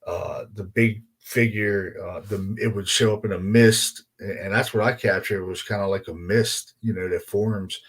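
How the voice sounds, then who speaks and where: A man's voice: lowish voice, fairly even intonation, moderate pace, hardly any pauses, husky. A man hosting a podcast in casual chat, emphatic and heavy on swearing and exclamations. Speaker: podcast host.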